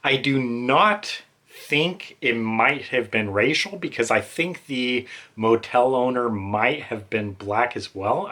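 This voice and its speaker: Male book channel host, bright tone, emotional, rambling casual monologue. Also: medium pitch. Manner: rambling, emotional, many fillers.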